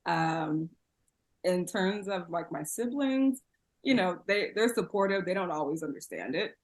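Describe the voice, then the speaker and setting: A woman's voice: fairly low pitch, expressive, measured pace. A woman from San Diego, a podcast guest, talking casually and openly with frequent laughs and fillers. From San Diego, USA. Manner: chatty, laughs often, many fillers. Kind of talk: casual interview conversation.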